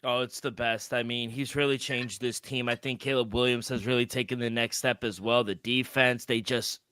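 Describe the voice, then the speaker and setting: Bright, crisp-voiced man on a sports podcast. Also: mid-range voice, moderate pace, no room sound. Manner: excitable, swearing, loose restarts. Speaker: podcast co-host. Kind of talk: casual sports betting chat.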